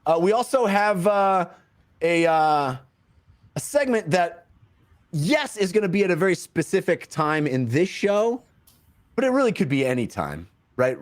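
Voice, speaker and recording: A man's voice: high-pitched, a little slow. A man co-hosting a casual sports chat show, bantering and hyping up the next segments. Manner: animated, bantering, hypes up segments. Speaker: co-host.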